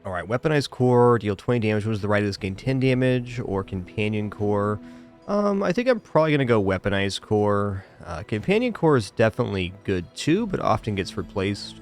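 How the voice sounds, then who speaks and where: Low-voiced male streamer thinking aloud. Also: very animated, brisk, faint music behind. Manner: thinks aloud, weighing choices. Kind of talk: casual gameplay commentary.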